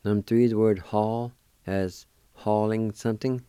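A man hosting a language lesson, patiently spelling out words letter by letter and pronouncing each one slowly. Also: lowish voice, fairly even intonation, warm tone, clean tone, dry recording, studio quality. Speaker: language teacher and radio host. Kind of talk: slow spelling and pronunciation lesson.

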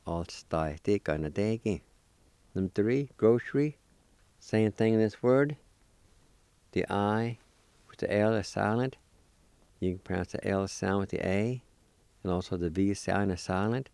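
Patiently spelling words and sounding them out syllable by syllable, a man gives a slow recorded language lesson and encourages the listener. His low voice is smooth and darkish, at a normal speed, on a dry recording.

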